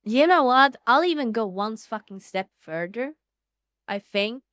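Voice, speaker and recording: A woman streaming casually, excitable and foul-mouthed, swinging between loud outbursts and low mumbling. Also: measured pace, no echo, clean studio sound. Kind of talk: casual livestream chat.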